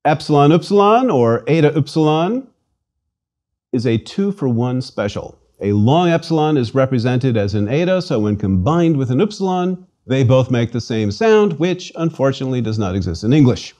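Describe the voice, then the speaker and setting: A man's voice: medium pitch, big pitch swings, normal speed, a little mellow. A man giving a scripted pronunciation lesson, patient and repeating words for the listener to drill. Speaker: language lecturer. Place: studio.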